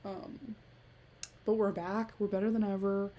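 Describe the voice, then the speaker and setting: A girl in her late teens runs her own podcast, chatting in a casual, rambling, giggly way and using "like" a lot. Her medium-pitched voice is warm and level, a little slow.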